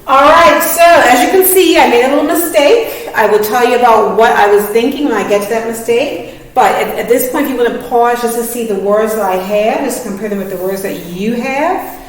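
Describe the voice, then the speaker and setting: A woman's voice: fairly high pitch, a little fast. A woman teacher giving a patient, encouraging reading lesson to children, often checking that they follow. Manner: patient, encouraging, asks many checking questions. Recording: echoey room, voice from far off.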